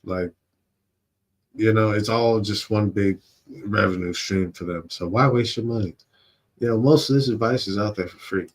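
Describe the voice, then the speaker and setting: A man hosting a stream, reacting casually with slang, frequent laughter and quick apologies for cursing. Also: on the low side. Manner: laughs often, slangy, curses then apologizes. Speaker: streamer host.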